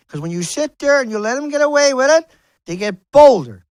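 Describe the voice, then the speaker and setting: A man's voice: extremely high pitch, lively intonation, brisk, clean tone, no room sound. A man delivering an angry, profane rant to camera as an activist vlogger, repeating phrases for emphasis, outdoors on a beach. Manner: angry, swearing, repetitive and emphatic.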